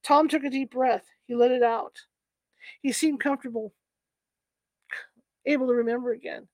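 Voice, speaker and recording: A woman reading a novel aloud to listeners in a steady, even storytelling voice. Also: sits high, moderate pace, no room sound. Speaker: reader. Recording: dry close recording.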